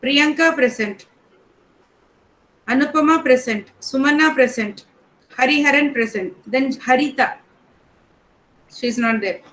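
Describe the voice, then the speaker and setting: Woman teacher, English, high voice, brisk roll call, matter-of-fact. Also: fairly bright tone, rough recording. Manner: reads names one by one in a brisk, matter-of-fact way. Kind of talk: taking roll call in an online class.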